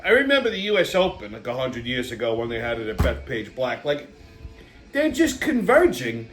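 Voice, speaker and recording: A man's voice: medium pitch, huge pitch swings, moderate pace, a bit bright, faint music behind. A middle-aged man, hosting a show and telling a rambling, blunt story full of swearing and fillers. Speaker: show host. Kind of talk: casual rambling monologue.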